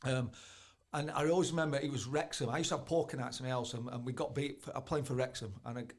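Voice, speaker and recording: A man's voice: medium pitch, fairly even intonation, fast. A former footballer, talking bluntly in a casual chat and swearing a lot as he tells stories. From England. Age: 40s. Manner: blunt, heavy swearing, storytelling.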